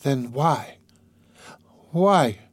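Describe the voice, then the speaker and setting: A man's voice: expressive, very slow, slightly rough, dry recording, clean studio sound, heavily acted. A man reading an audiobook, voicing a distraught, bewildered young woman with a raised, tearful, pleading voice. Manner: high, tearful, urgent pleading. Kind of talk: audiobook character voice.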